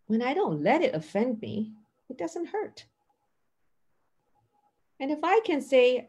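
Middle-aged woman teaching mindfulness, husky voice, pitch bouncing all over, earnest. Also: measured pace, pauses often. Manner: earnest, acts out dialogues with lively emphasis. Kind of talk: teaching talk.

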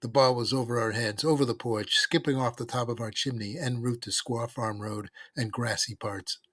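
A man narrating a novel in the first person, in a steady, even storytelling manner. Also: mid-range voice, moderate pace, no room sound.

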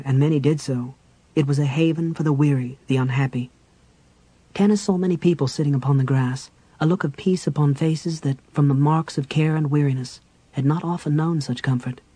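A man narrating a fantasy novel as an audiobook with even storytelling delivery. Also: mid-range voice, breathy edge, rough recording.

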